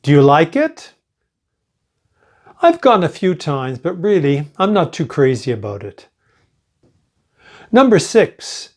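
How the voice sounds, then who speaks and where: In a slow pronunciation exercise, an older male teacher reads example sentences for learners to say back. Each word is clearly enunciated, and his intonation is lively.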